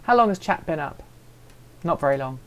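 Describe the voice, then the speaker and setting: A woman's voice: low-pitched, animated, a little fast, slight background noise. A woman hosting a casual live stream, chatting and answering viewer comments in a playful, self-deprecating way.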